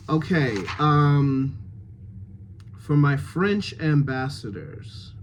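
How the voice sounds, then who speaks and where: A man reads out rehearsal notes to his cast, pausing often as he thinks them through. He speaks at an unhurried, deliberate pace. A faint room ambience sits under his voice. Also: fairly high pitch, a little mellow, slight background noise. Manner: thinking aloud, halting, many fillers. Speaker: dialect coach giving notes.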